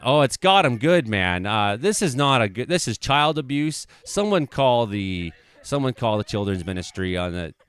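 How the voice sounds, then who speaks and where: Excitable, swearing man. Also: mid-range voice, normal speed, few pauses, smooth. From Canada. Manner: excitable, joking, profane. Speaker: vlogger commenting on videos. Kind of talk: casual video reaction commentary.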